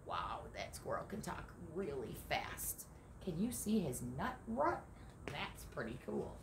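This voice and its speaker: A woman reading a picture book aloud to children, lively and animated, stopping to ask the young listeners questions. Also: low voice, takes it slowly, noisy background. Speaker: storyteller. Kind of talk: children's story read-aloud. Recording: echoey room.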